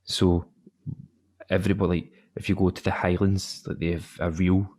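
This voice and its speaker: A man's voice: low voice, little pitch movement, normal speed, a little mellow. A Scottish man hosting a podcast, laid-back and chatty in casual conversation. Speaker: podcast host. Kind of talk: casual chat.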